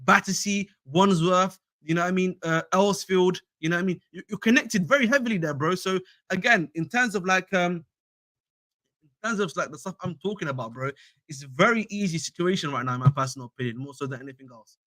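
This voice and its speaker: A man's voice: sits high, brisk, fairly bright tone, dry recording. A young man hosting a casual fan live stream, slangy and repetitive, calling viewers bro. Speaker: fan channel host.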